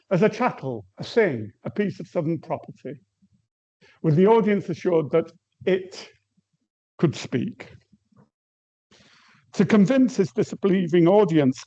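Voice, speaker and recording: A man giving an academic lecture at a measured pace, reading quotations aloud and pausing with some hesitations. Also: on the high side, dark tone. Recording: muffled lo-fi recording.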